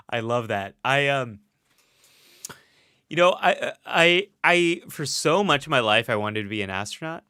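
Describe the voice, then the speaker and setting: A man's voice: mid-range voice, animated, measured pace, pauses often, bright, forceful tone, clear, resonant tone, no room sound, studio quality. A man hosting a casual live stream, reading out viewer comments in a chatty, self-deprecating way with frequent laughs.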